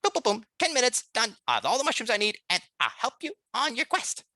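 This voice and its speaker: A man voicing a tiny, manic male white mouse spirit, frantic and energetic. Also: extremely high pitch, fairly quick, pitched above the performer's own voice, full character voice. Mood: wheedling.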